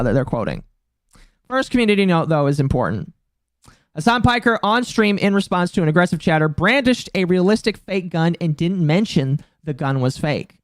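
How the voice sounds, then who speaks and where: A streamer in their mid-twenties gives casual live-stream commentary in a medium-pitched voice, recorded at studio quality without echo. They talk bluntly and profanely, with a mocking tone that climbs into indignant outbursts.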